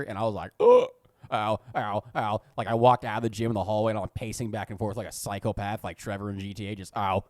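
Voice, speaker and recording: A man's voice: fairly low pitch, no room sound, clean studio sound. A young man co-hosting a podcast, telling rambling, self-mocking school stories and swearing freely. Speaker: podcast co-host. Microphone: podcast studio mic.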